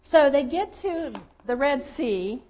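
Lively Southern woman preaching a sermon. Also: high voice, takes it slowly, poor audio. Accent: Southern American. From American South. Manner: storytelling, lively, acts out quoted voices. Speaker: pastor.

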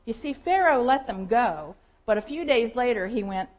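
The audio is poor, but you can hear a woman speaking at a fairly high pitch and a moderate pace. She's a Southern American pastor preaching, vividly narrating Bible stories in a lively way and performing the voices she quotes.

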